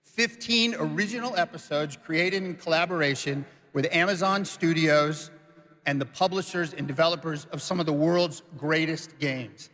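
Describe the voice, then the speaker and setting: A man's voice: on the high side, normal speed, fairly bright tone. Emotional man presenting on a stage. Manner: emotional, choked up. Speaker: studio co-founder presenting on stage. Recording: long hall reverb on stage.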